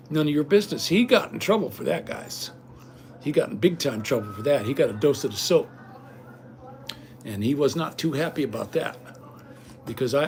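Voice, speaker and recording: Ranting middle-aged man, higher voice. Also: darkish tone, slight background noise. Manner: indignant, ranting. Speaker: vlogger. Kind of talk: casual rambling home vlog.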